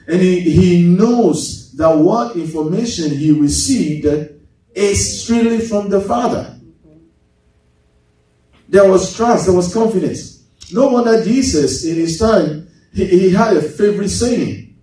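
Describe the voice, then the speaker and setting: A man preaching a sermon as pastor, lively, going from loud to hushed and laughing as he tells stories. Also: sits high. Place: church. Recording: echoey church hall, mic at a distance.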